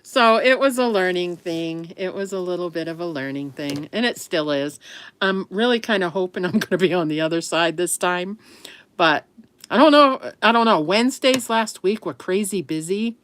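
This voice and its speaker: A woman's voice: fairly low pitch, moderate pace, fairly bright tone, slight background noise. A middle-aged woman from the US East Coast chatting casually on a livestream, rambling with frequent laughs and self-corrections. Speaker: livestream host.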